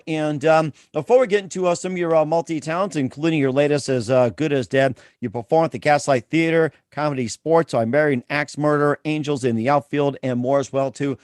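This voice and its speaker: A man's voice: a little high, no room sound, clean studio sound. A man hosting a podcast, rattling through sponsor reads and then asking questions with some hesitation. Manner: rapid promotional read, hesitant questions. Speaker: podcast host.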